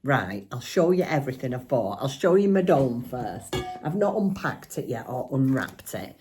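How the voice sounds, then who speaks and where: Deep-voiced chatty grandmother vlogger. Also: very animated, normal speed, mellow, soft background music. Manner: chatty, giggly, fond of teasing. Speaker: crafting vlogger. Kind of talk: casual chat showing shopping haul.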